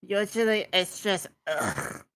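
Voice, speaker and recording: A woman's voice: lowish voice, big pitch swings, slow pace, fairly bright tone, exaggerated voice. Woman putting on a tiny nervous kobold, talks all choppy and pleading. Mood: earnest. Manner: broken grammar, frightened pleading. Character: timid little male kobold, broken speech.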